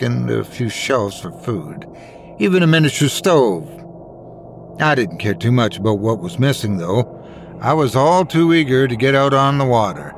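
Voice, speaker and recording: A man narrating a first-person horror story in a measured, dramatic reading. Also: mid-range voice, a little hiss or hum.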